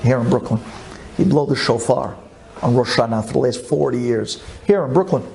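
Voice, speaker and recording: A rabbi giving an impassioned storytelling sermon, fervent and pleading, repeating phrases and swinging from low calm to high emotional cries. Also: male voice, a little fast, gravelly. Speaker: rabbi telling an inspirational story.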